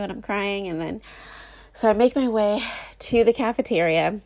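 A young adult woman casually telling a dramatic personal story, animated and full of fillers. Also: mid-range voice, fast.

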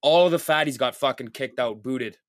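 A man's voice: mid-range voice, moderate pace, no room sound, studio quality. A young man from Canada co-hosting a podcast in loose casual chat, swearing a lot and filling his talk with "like.". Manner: loose, profane, heavy with filler "like". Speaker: podcast co-host. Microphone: podcast mic.

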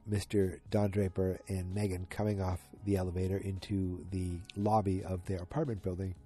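A man's voice: low voice, level tone, moderate pace, mellow, faint music behind. A sleepy, yawning man at home, casually rambling through a recap of a TV episode as a podcast host. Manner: rambling, chatty, full of asides. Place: at home in front of the TV.

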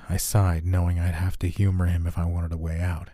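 A man narrating a first-person horror story in a steady, measured way. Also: low-pitched, no room sound, clean studio sound.

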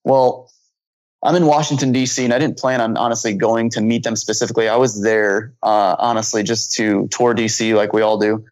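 A man, a flight instructor, telling a story in casual conversation, animated and acting out dialogue, with frequent restarts and repeated words. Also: on the low side, fairly quick, no room sound, rough recording.

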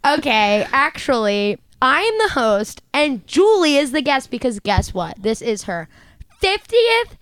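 A woman's voice: high-pitched, very animated, takes it slowly, smooth, dry recording. A woman co-hosting a podcast in casual chat, playful and teasing, laughing often on a close mic. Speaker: podcast co-host.

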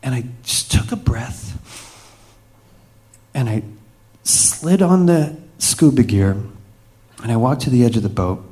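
A man telling a personal story vividly, with dramatic pauses and hushed moments. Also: mid-range voice, lively intonation.

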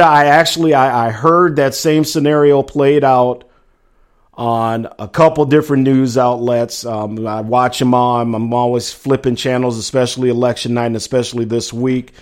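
A middle-aged man hosting a casual live talk show, reading out chat messages in a loose, chatty way. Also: mid-range voice. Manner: loose and chatty, trails off quietly, then livens up for segment intros.

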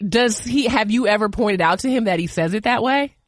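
A woman's voice: on the high side, a little fast, no room sound. Chatty woman podcast host. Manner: chatty and playful, laughs easily. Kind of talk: casual chat, interviewing a guest.

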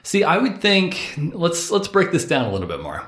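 A man's voice: on the high side, wildly swooping pitch, normal speed, fairly bright tone. A man co-hosting a podcast, chatting casually in a playful, rambling, jokey way. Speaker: podcast co-host. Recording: roomy echo.

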